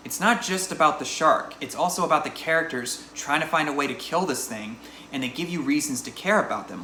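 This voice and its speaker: A man in his thirties talks through a film review in a relaxed, informal way, his voice bright and forward. The room adds a noticeable echo, with a faint hum of noise underneath. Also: mid-range voice. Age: 30s. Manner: chatty, conversational, informal. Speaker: movie reviewer. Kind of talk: casual spoken movie review.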